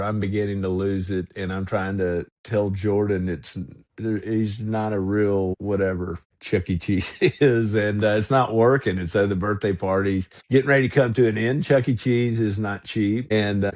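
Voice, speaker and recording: Deep-voiced man telling a story. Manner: animated anecdote with many "uh" fillers. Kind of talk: casual storytelling.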